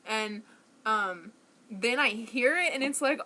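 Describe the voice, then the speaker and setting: A young woman vlogger delivers a casual monologue to camera from her home, her voice a little high, slow-paced and sharp in tone. She rambles self-consciously, restarting often and leaning on fillers.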